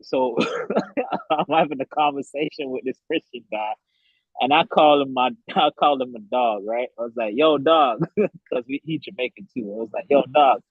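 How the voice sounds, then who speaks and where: Gravelly guy telling stories all animated, bouncy voice, kinda muffled dry recording. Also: medium pitch, normal speed, dry recording. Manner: animated storytelling with laughs. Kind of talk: casual chat. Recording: dull, dry close mic.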